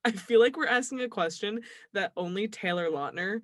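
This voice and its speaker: A woman's voice: mid-range voice, normal speed, no echo, clean studio sound. A young woman co-hosting a casual podcast, talking animatedly, laughing often and acting out quotes. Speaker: podcast co-host. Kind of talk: casual chat.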